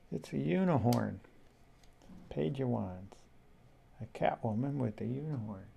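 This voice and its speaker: Slow gravelly guy rambling to himself, dark mellow tone, a bit of hiss. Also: medium pitch. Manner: slow, musing, talks to himself. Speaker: tarot deck reviewer. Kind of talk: casual flip-through commentary.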